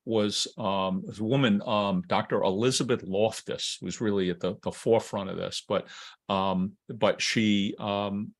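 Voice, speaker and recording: A man's voice: fairly low pitch, fairly even intonation, measured pace. A man co-hosting a casual legal discussion, talking hesitantly with many restarts and laughing often. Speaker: co-host.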